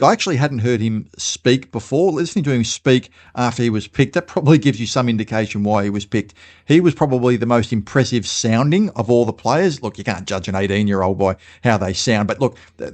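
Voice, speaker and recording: A man with an Australian accent chats casually as the host of a fan channel. His voice sits at an ordinary middle pitch. He thinks aloud as he goes, dropping in fillers and restarting sentences. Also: a little mellow. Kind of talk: casual spoken commentary.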